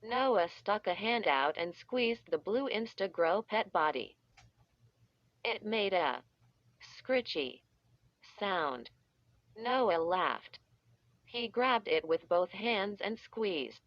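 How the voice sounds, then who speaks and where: A woman narrates a children's story slowly and deliberately, drawing out each sound effect. Her voice sits at a middle pitch, and the recording is dry and a little muffled. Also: expressive, no room sound. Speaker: audiobook reader. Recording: dull, slightly muffled audio.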